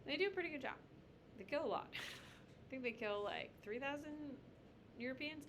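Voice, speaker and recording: A woman teaching a high school history class, lecturing bluntly and with jokes while calling on students by name. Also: animated, moderate pace, background noise.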